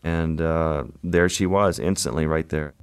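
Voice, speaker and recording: A man, a guest photographer, recounting an encounter in a vivid, measured way during an interview. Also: extremely low pitch, fairly even intonation, soft background music. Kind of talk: storytelling interview.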